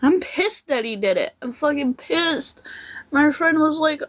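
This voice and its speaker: A woman with a fairly high voice rants to camera in a casual, rambling way. She sounds aggrieved and swears freely. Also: animated, unhurried. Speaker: vlogger.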